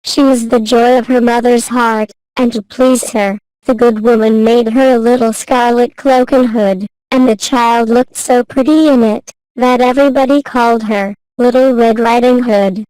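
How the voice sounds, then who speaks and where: A woman narrating a classic fairy tale in a slow, careful, even reading voice. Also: fairly high pitch, smooth, no echo, low-quality recording. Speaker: storyteller.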